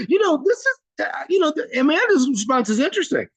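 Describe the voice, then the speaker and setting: A man's voice: extremely high pitch, huge pitch swings, a little fast, gravelly, fairly bright tone, husky, no echo, poor audio. A man leading an online training session, reading out participants' answers and praising each one by name in a chatty, informal way. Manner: chatty and informal, frequent fillers. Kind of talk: live online training, reading chat replies aloud.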